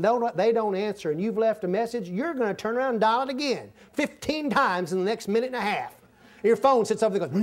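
Folksy preacher, high voice. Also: male voice. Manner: folksy, humorous preaching with sudden swings in pitch and volume. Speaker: pastor. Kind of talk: sermon. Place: church sanctuary.

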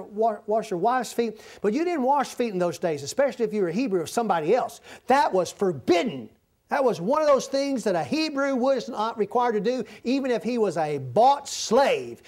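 A man teaching the Bible informally, folksy and given to halting restarts and repetition. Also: sits high, a little mellow. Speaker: preacher.

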